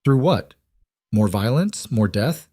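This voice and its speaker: A man's voice: medium pitch, very animated, slow pace, dark tone, slightly rough, no echo, studio quality, full character voice. A man reading a pregnant young woman's lines in a raised, pleading voice. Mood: upset. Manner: pleading, rising voice.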